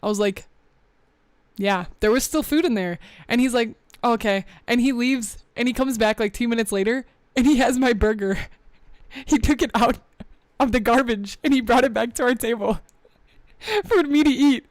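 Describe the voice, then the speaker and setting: A young woman hosts her live stream in a relaxed, rambling way, reading the chat aloud and laughing often. Her voice is smooth and clear, and it sounds a little out of breath. The sound is close and dry, with no room echo. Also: a little high, normal speed. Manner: chatty, scattered, reads chat aloud. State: a bit out of breath. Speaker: VTuber streamer.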